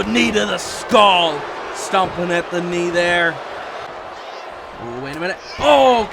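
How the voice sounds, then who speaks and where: A man giving play-by-play wrestling commentary over a video game, shouting often and jumping from calm calls to loud outbursts. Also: high-pitched, gravelly. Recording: loud crowd and noise behind the voice. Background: game crowd ambience.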